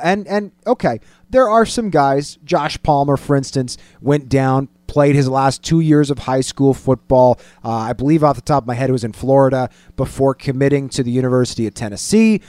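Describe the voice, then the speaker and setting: A man co-hosting a casual sports talk show, opinionated and animated, mimicking quotes in a higher voice. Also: moderate pace, hardly any pauses, no room sound. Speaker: sports podcast co-host.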